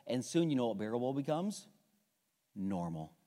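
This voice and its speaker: A middle-aged male pastor preaching an animated, conversational sermon full of rhetorical questions, in a church with long reverb. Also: mid-range voice, normal speed. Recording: long reverb of a large hall.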